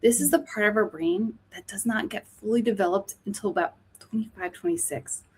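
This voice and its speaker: A woman's voice: mid-range voice, fairly quick, a little mellow, breathy edge. A woman, an author and teacher, explaining mindfulness in a podcast interview, often checking in with "right?". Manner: explanatory, frequent "right?" tags.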